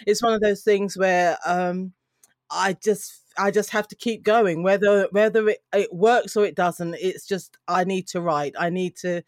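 A woman author talks in a halting, self-deprecating way, pausing and restarting as she answers. Her voice sits at a middle pitch, and the sound is dry. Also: steady tone, no echo. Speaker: author guest. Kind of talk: casual interview talk.

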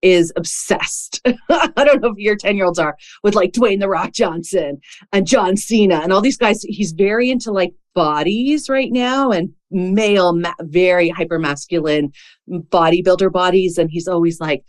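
A woman's voice: on the low side, normal speed. Chatty woman podcast host. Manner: chatty storytelling with many "like" fillers. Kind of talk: casual conversational interview.

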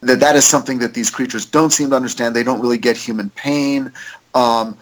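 A man talking in a casual podcast chat. His voice sits at a middle pitch. He rambles and is animated, and he uses many fillers. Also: brisk, rough recording.

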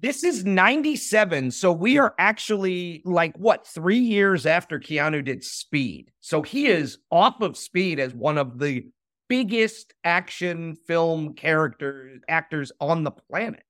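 A man's voice: on the high side, expressive, a little slow, a bit bright, no echo, studio quality. A man who is a guest writer on a movie podcast, chatting enthusiastically. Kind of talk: casual movie podcast chat.

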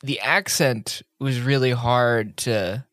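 A man's voice: mid-range voice, takes it slowly, fairly bright tone, no echo, studio quality. A young adult man co-hosting a podcast, talking casually in a rambling way and laughing easily. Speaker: podcast co-host. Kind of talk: casual chat.

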